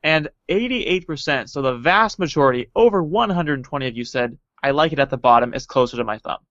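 A man co-hosts a casual tech podcast, reading out poll results in a playful, teasing way. His voice has an average pitch. The sound is muffled, lo-fi and dry. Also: expressive, a little fast, fairly bright tone, no room sound. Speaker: podcast co-host.

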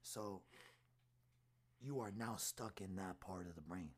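A man telling a story in casual conversation, acting out the quoted lines with lively energy. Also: sits low, unhurried, breathy edge.

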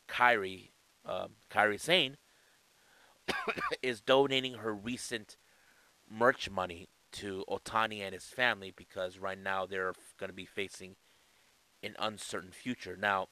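A man talks through wrestling news in a relaxed, chatty way, stopping to correct himself and add asides. His voice sits fairly low but sounds bright and forward. The recording is dry and close, with no room sound. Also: no room sound, low-quality recording. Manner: chatty, with frequent restarts and asides. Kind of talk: casual news commentary.

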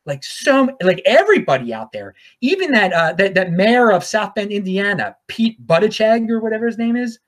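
A male show host from Baltimore talks in a loose, rambling monologue, hopping from one thought to the next. His pitch moves around a lot, rising and dipping as he goes. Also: sing-song, normal speed, few pauses, fairly bright tone. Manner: rambling, off-the-cuff. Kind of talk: casual monologue.

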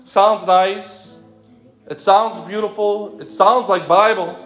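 A man with a strikingly high voice preaches a sermon, firing off repeated rhetorical questions and calling out listeners by name. He slips between English and another language mid-sentence. The room rings with echo, and a guitar plays faintly behind him. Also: fairly even intonation, takes it slowly, a bit bright.

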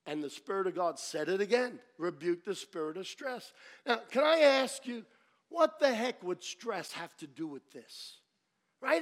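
A man preaching a sermon as pastor, telling a story dramatically, dropping to a hush and then rising to shouts. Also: sits high, animated, a little slow.

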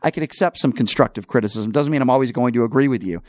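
A man's voice: medium pitch, quick pace, darkish tone, no room sound, clean studio sound. A man hosting a talk radio show, delivering an emphatic, opinionated monologue and repeating his points for emphasis.

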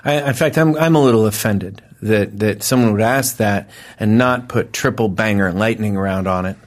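A man's voice: fairly low pitch, normal speed. A man co-hosting a comedy podcast, chatting casually and cracking jokes. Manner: animated, jokey, bursts into loud shouts. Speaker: podcast co-host.

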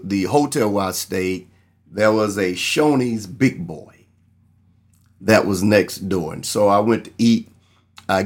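A man preaching a sermon, earnestly telling a personal testimony and acting out the people in his story. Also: lowish voice. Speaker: pastor.

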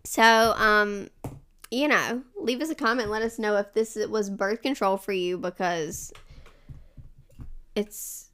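A woman co-hosting a podcast, chatting casually and telling animated stories about her kids, often laughing. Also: mid-range voice, takes it slowly, long pauses, clear, resonant tone. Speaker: podcast co-host. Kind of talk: casual chat.

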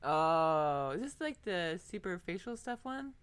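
A woman chatting casually as a podcast co-host, teasing and chiming in with quick interjections. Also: lowish voice, very animated. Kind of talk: casual chat.

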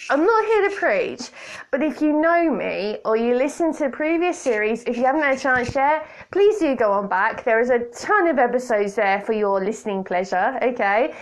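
A woman's voice: a little high, lively intonation, moderate pace. A woman hosting a solo podcast in a chatty, playful, self-mocking way, recorded on a hands-free kit mic. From Britain. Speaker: podcast host. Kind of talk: casual solo podcast chat. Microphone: borrowed hands-free kit headset.

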